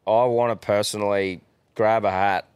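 A man's voice: fairly low pitch, fairly even intonation, moderate pace, clean tone, dry recording. A young Australian man co-hosting a casual podcast, laid-back and encouraging, swearing freely. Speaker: podcast co-host.

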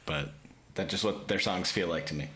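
Deep-voiced goofy man laughing. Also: normal speed, background noise. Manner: goofy, laughs a lot, pitches silly ideas. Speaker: podcast co-host. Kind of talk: casual podcast banter.

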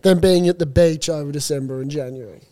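A man's voice: fairly high pitch, quick pace, warm tone. A man co-hosting a casual podcast, mostly reacting and asking curious follow-up questions. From Australia. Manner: questioning, reacting with short interjections. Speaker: podcast co-host. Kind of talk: casual chat.

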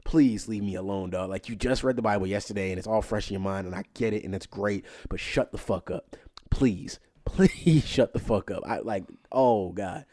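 A young man hosting a casual podcast, ranting animatedly and getting loud when worked up, then settling low and quiet to tell a story. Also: normal speed. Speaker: podcast host.

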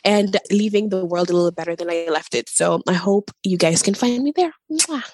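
A woman's voice: lowish voice, brisk, darkish tone, a little hiss or hum. A woman guest on a podcast in casual chat, effusive and affirming, a little congested from a cold.

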